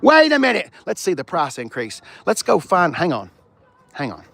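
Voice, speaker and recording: A rowdy man hosting a car walkaround on an outdoor dealer lot. His voice swoops up and down with lively energy. It has a gravelly, fry-laden edge, a little higher than most men. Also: moderate pace, no room sound. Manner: rowdy, joking, swears freely. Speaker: car reviewer hosting a live stream. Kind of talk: casual live car walkaround.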